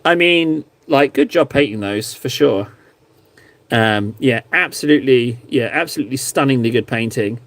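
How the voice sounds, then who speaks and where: A man's voice: mid-range voice, normal speed, a bit bright. A man chatting casually on a live stream, reviewing viewers' painted miniatures in a rambling, self-mocking, playful way.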